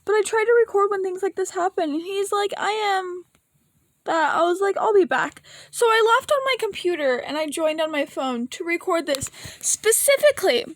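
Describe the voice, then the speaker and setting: In a dry recording, a very high-voiced woman vlogs her way through a rambling, emotional rant. She swears casually now and then, laughs, and at times seems near tears.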